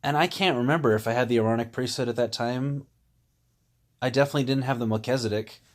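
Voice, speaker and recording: A man telling a personal story in a candid, rambling way, pausing with "um" and "you know". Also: mid-range voice. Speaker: vlogger.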